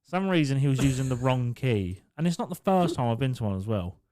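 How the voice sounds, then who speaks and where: Laughing, swearing young bloke. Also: male voice, mid-range voice, expressive, quick pace, mellow, no room sound. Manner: swears, laughs through his own stories. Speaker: podcast co-host. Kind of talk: casual storytelling chat.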